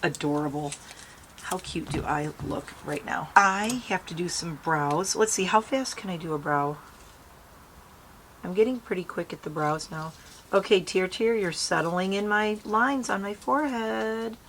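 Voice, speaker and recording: A bubbly woman with a slightly low voice talks her viewers through a makeup routine while sitting outdoors. She rambles in a friendly, chatty way about what she is using as she goes. A faint hum of the open air sits behind her. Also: measured pace, a bit bright. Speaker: beauty vlogger. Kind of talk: casual makeup tutorial chat. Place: outdoors, breezy natural light.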